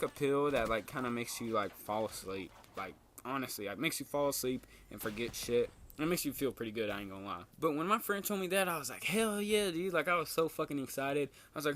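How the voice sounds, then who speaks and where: Laid-back young man telling a story. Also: a bit bright. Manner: laid-back slangy storytelling, swears a lot, jumps high for quoted lines. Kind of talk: casual storytelling.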